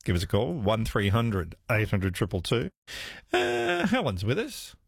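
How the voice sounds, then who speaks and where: A man's voice: on the low side, very animated, a little slow, gravelly, slightly rough, no echo, clean studio sound. A man hosting talkback radio, chatting casually and musing aloud with listeners. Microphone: studio microphone.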